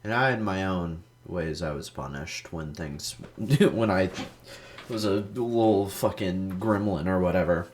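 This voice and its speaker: In an unhurried way, this young gaming host with a very low voice rambles over his gameplay, drifting into stories. He swears freely and leans heavily on the word "like."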